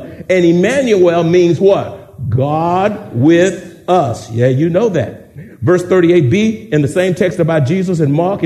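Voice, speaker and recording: Dramatic preaching man, high lively voice. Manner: dramatic, repetitive call-and-response preaching. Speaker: pastor. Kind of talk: sermon.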